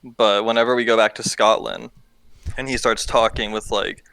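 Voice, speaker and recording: Male host, relaxed slangy chatter, clear and dry mic sound. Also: lowish voice, normal speed, no echo, poor audio. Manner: chatty, swears freely, slangy. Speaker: podcast host. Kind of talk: casual podcast chat.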